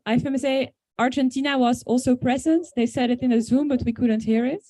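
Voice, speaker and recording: A woman chairing a large meeting and calling the roll in a brisk, procedural way. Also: high voice, fairly even intonation, mellow, no room sound.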